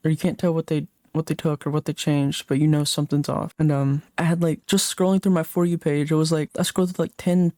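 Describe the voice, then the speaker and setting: Flat-toned young streamer, dry close sound. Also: mid-range voice, quick pace, hardly any pauses, no echo. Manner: rambling, reads chat comments aloud and answers them. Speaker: livestreamer. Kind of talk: casual late-night livestream chat while gaming.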